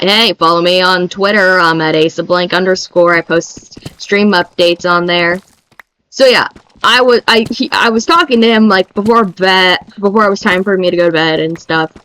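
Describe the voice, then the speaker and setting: A young woman streamer chatting casually in an excitable, rambling way. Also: on the low side, low-quality recording.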